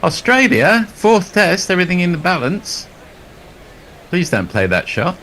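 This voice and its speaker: A man's voice: high voice, very animated, measured pace, a bit bright, slight background noise. A man offering casual, musing cricket commentary and chatty asides.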